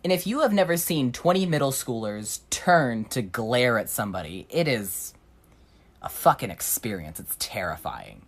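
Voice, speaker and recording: A young woman with a low voice that swings widely in pitch, narrating a story with dry, sardonic wit. She slips into the voices of the people she quotes and comes back to her deadpan tone. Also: normal speed. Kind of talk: storytime narration over slime video.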